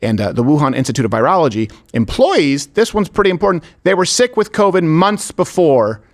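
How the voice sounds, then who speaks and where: A man's voice: a little high, expressive, a little fast. A man hosting a talk show, giving opinionated, sarcastic commentary and joking with his co-hosts. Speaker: show host.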